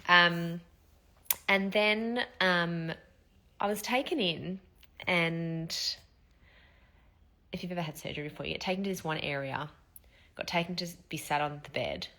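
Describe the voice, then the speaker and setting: A woman's voice: fairly low pitch, measured pace, pauses often, pushed and bright. A woman in her thirties, telling a candid, emotional personal story in a casual vlog while recovering after surgery. She talks loosely, with many fillers and the odd swear word. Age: 30s. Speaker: vlogger.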